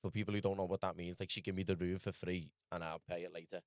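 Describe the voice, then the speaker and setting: A man with a Scouse accent telling his story rapidly in casual podcast chat, peppered with lad and bro. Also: deep voice, little pitch movement, no room sound, clean studio sound. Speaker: podcast guest.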